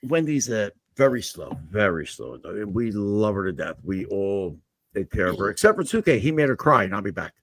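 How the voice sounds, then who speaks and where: A man's voice: on the low side, sing-song, normal speed, fairly bright tone, no echo. A man co-hosting a casual livestream talk show, joking crudely and talking to chat viewers by name.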